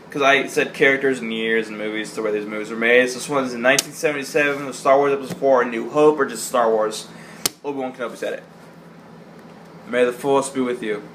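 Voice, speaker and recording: A man's voice: medium pitch, a bit bright, a little hiss or hum. A young man casually counting down favorite movie lines, joking, swearing, and putting on voices for the quotes. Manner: profane, jokey, quotes lines in goofy voices. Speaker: vlogger. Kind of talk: casual movie-list vlog.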